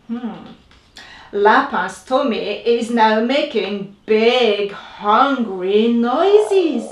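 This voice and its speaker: A woman reading her own picture book aloud to children, slow and expressive, voicing the sound effects. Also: on the high side, soft background music. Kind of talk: children's storybook read-aloud. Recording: roomy echo, distant mic.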